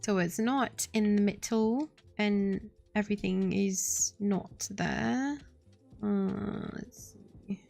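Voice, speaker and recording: A woman's voice: medium pitch, takes it slowly, gravelly, mellow, soft background music. A woman streaming her game development work, chatting casually and rambling with lots of "like" and giggles. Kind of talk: casual chat while working on a game.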